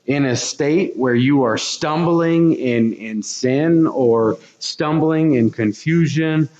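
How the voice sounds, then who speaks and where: A man preaching a sermon in a church, earnest, stumbling over and repeating words as his intensity climbs. His voice sits a little high, and the recording is dull and lo-fi with a roomy echo. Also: takes it slowly, a little mellow. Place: church sanctuary.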